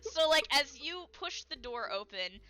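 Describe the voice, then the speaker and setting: A woman's voice: high voice, lively intonation, unhurried, pushed and bright. A woman narrating a tabletop game as game master in a casual, chatty way. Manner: casual, chatty, many fillers, laughs often.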